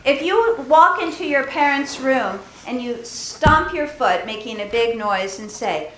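High-voiced woman giving a children's sermon. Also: lively intonation, unhurried. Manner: asks questions, laughs easily, gentle teaching tone. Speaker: pastor giving a children's message. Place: large church sanctuary. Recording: echoey church hall.

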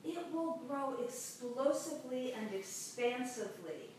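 A woman pastor delivers a sermon in a slow, measured storytelling voice, pausing often. She sounds distant from the microphone, and her voice rings through a very echoey hall with faint background noise. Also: high voice, animated, a little mellow.

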